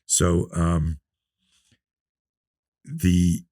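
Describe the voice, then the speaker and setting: A man in his fifties, a self-defense instructor, telling stories in a relaxed podcast interview and acting out the dialogue. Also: sits low, extremely slow, no room sound, studio quality. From North America. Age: 50s. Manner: relaxed storyteller who acts out quoted dialogue. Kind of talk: casual storytelling interview.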